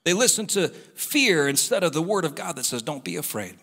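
Fervent high-pitched preacher in a reverberant hall. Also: male voice, animated, fairly quick, bright, forceful tone. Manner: impassioned, repetitive exhortations, talks straight to the congregation. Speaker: pastor. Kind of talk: sermon.

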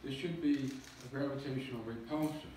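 Speaking fairly quickly, with fairly even intonation and a slightly mellow mid-range voice, a man presents a slide-based public lecture step by step, joking about himself. It sounds recorded at a distance in a reverberant hall, with a little background noise.

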